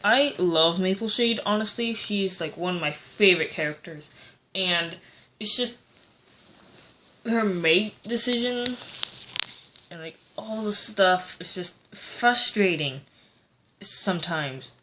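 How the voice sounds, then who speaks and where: A woman's voice: mid-range voice, expressive, takes it slowly, pauses often, pushed and bright. A woman giving a casual, rambling book review, hesitant and full of fillers.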